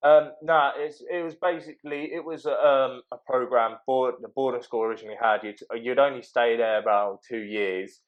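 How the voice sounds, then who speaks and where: A young man, talking casually as a podcast guest, halting with many fillers and restarts. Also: medium pitch, steady tone, highs cut off. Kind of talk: casual interview talk.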